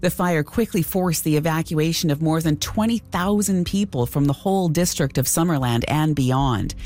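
A woman, a radio host, narrating a documentary in a measured scripted way. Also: low voice, darkish tone.

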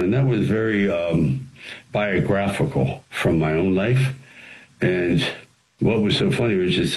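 A man's voice: lowish voice, rough recording. An older man, an actor and writer, telling rambling anecdotes in an interview and acting out quotes along the way. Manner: rambling, animated storytelling with acted-out quotes.

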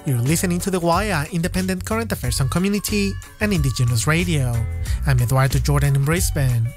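A man hosting a current affairs radio show, introducing guests and reading news items in a steady, measured way. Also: a little high, music in the background.

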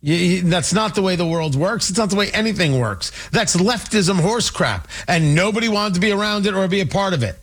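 Animated, lively-pitched man ranting. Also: fairly quick, hardly any pauses, husky. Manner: animated, sarcastic, doing mocking voices of politicians. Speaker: political commentator. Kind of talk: opinionated political monologue.

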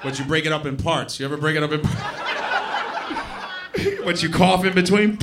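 A man's voice: fairly high pitch, normal speed, background noise. A man doing a crude stand-up set in a comedy club, laughing at his own jokes and acting out voices. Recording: club with loud audience laughter.

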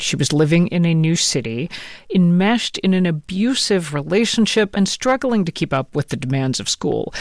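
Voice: medium pitch, no room sound, studio quality. Radio presenter reading a segment intro. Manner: measured, clear reading. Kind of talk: scripted introduction.

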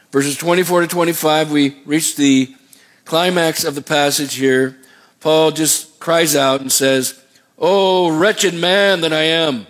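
A middle-aged man preaching a sermon, emphatic and rhythmic, asking the congregation to finish his lines. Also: mid-range voice. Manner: emphatic preaching, call-and-response questions. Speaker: pastor.

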